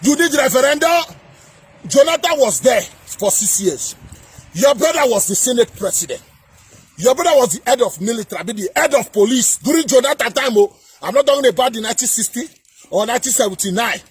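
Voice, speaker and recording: A man with a Nigerian accent delivering a heated political rant to camera, repeating himself and often shouting. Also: very high voice, animated, brisk, slightly rough. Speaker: political commentator.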